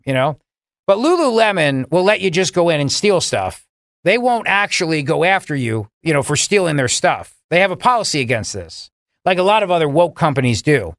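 A middle-aged man hosting a political talk radio show, delivering a sarcastic, mocking monologue with sudden jumps in pitch for emphasis. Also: no room sound, studio quality.

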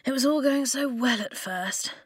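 A woman's voice: high voice, breathy edge, dry recording, clean studio sound, voice pushed up. A woman voicing an impulsive, rule-breaking boy who sighs and apologizes, then speaks up boldly. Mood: rueful. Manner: apologetic, quick, sighing.

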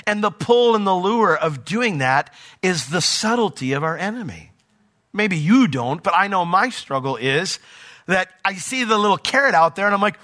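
A man's voice: sits high, animated, normal speed, pushed and bright. A man preaching a conversational sermon as pastor of a church, reading scripture and acting out short quoted voices.

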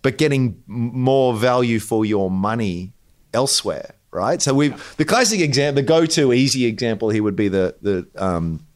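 Australian man, halting podcast chat. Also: mid-range voice, animated. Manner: thinks aloud with frequent restarts and repeated words. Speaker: podcast co-host. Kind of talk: casual chat.

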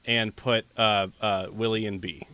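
A man on a podcast panel, joking in a deadpan way during casual chat. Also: lowish voice, a little slow, dry recording.

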